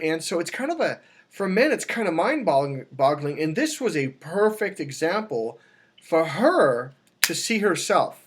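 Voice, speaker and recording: A man coaching on dating, talking casually to camera and telling a story with lots of restarts and self-corrections. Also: fairly high pitch. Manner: animated storytelling, acts out quoted dialogue.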